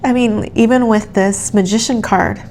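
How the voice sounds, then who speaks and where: A woman giving a soothing channeled tarot reading, speaking gently and affirmingly straight to the listener. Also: medium pitch, steady tone, normal speed, a little hiss or hum. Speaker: tarot reader.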